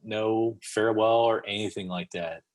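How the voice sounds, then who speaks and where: A man speaking as a podcast guest, who tells his story casually and in an animated way, acting out what people said. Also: fairly low pitch, moderate pace, crowd noise. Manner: animated, acts out quotes.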